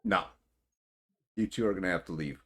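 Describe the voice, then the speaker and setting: A man narrating as game master of a tabletop role-play, often stumbling and repeating words, voicing gruff club bouncers. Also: low-pitched, moderate pace, sharp tone.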